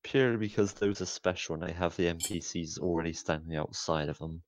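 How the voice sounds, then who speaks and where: A man's voice: deep voice, fairly quick, slight background noise. A man playing a game in a race, chatting casually and joking with running commentary. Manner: joking, mutters running commentary and jokey character lines. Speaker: speedrun racer. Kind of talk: casual chat while playing.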